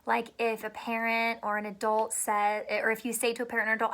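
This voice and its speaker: A woman teacher giving a phonics lesson to young children, speaking slowly and clearly in a sing-song, playful way. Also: fairly high pitch, monotone, a bit bright.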